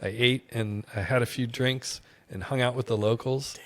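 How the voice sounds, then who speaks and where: A man's voice: medium pitch, moderate pace, no echo. A man telling a travel story with lots of energy and frequent laughs in a casual interview conversation. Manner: animated storyteller, laughs often. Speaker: podcast conversation partner.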